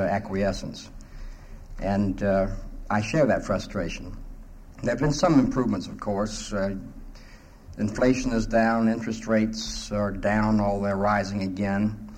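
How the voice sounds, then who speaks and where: A man from South Carolina gives a formal conference address on a panel, measured and wry, pausing often. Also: fairly low pitch, darkish tone, breathy edge, poor audio. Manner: measured and wry, with many hesitant pauses. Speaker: panel speaker.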